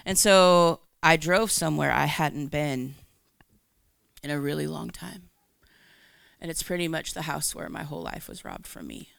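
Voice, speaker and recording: Woman, candid faith testimony, gravelly edge, crisp dry close sound. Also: deep voice, moderate pace, no echo. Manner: candid, animated storytelling with acted-out dialogue. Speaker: Christian speaker. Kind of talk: personal testimony talk.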